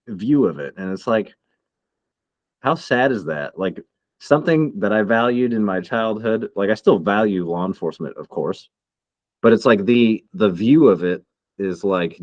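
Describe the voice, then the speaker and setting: A man's voice: lowish voice, expressive, unhurried, a little mellow, dry recording, lo-fi sound. A man in his thirties co-hosting a casual podcast chat, heated and swearing a lot. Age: 30s. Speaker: podcast co-host.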